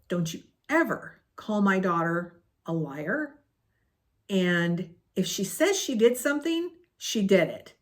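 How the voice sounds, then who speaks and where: A woman in her late fifties telling a personal story in a rambling, chatty way on her crafting vlog. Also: medium pitch. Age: 50s. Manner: rambling, chatty, with many fillers and asides. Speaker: crochet vlogger. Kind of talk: casual storytelling chat.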